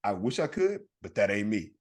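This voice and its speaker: A man, a comedian co-hosting a podcast, talking in an animated, emphatic way and often checking for agreement. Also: fairly low pitch, a little fast. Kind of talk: casual podcast chat.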